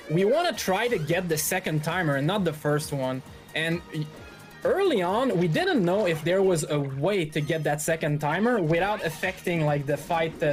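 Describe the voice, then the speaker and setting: A speedrunner giving relaxed, filler-heavy live commentary while playing, a little out of breath. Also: mid-range voice. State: slightly out of breath.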